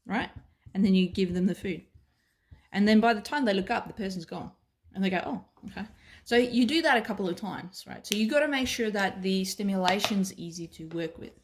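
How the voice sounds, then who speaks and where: Australian woman, dog trainer, mid-pitched, chatty whiteboard explainer. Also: lively intonation, a little fast, a little hiss or hum. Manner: chatty, checks in with "right?" and "okay".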